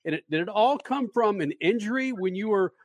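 Male radio host, slightly high voice, bone-dry studio mic, jokey and loose. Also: lively intonation, fairly quick, dry recording. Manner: joking, loose. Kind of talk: casual radio interview. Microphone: studio microphone.

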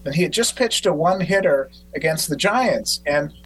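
A man hosting a podcast who tells stories in an animated way and acts out quotes. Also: a little high, normal speed, a little hiss or hum, poor audio. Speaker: podcast host. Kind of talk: casual conversation.

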